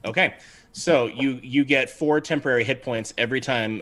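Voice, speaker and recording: A man's voice: medium pitch, normal speed, very noisy. A man acting as game master, narrating a tabletop game on a livestream in an easygoing, chatty way with frequent ums.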